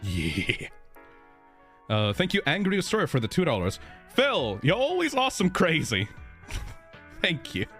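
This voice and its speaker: Man, livestream host, lively swooping voice, fairly high, excitable, giggly, swears a lot, faint music behind. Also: unhurried, long pauses. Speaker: livestream host reading donations. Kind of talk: casual livestream chat.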